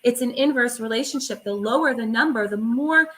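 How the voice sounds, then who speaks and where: Bright-voiced woman telling her story. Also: fairly high pitch, brisk. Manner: earnest, emphatic. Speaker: guest. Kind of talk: interview storytelling.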